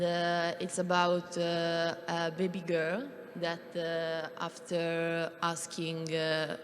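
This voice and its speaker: Nervous young woman on stage. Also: lowish voice. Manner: hesitant, many fillers, halting. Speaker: animation student presenter. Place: stage in a large hall. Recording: long hall reverb.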